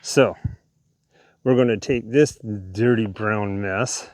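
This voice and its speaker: A man with a lowish voice speaks slowly on a dry recording, breathing hard as he hikes by a lake in the woods. He's a hiking vlogger narrating casually, relaxed and chatty while showing off his gear.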